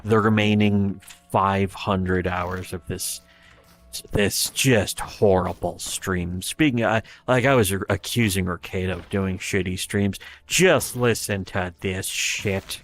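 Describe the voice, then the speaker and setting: A man's voice: deep voice, fairly even intonation, slow. A man giving rambling, profane livestream commentary, retelling scenes with quoted voices. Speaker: streamer.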